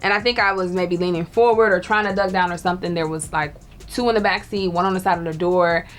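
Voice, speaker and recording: A woman's voice: on the low side, quick pace. Woman spinning a wild story, laughs a lot, does the voices, faint music underneath. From Detroit. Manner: animated, laughs often, acts out quotes. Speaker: storyteller guest. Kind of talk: casual storytelling.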